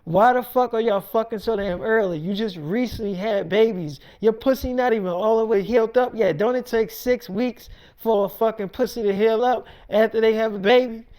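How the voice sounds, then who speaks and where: Woman doing an angry young sister, loud, high-pitched, swearing, scolding, improvised story. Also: normal speed, hardly any pauses, lightly acted. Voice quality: loud, indignant, heavy swearing.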